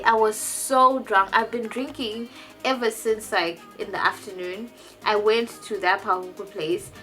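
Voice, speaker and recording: A young woman vlogger casually tells a personal story, animated and jumping into high voices when quoting people. She often restarts and repeats words.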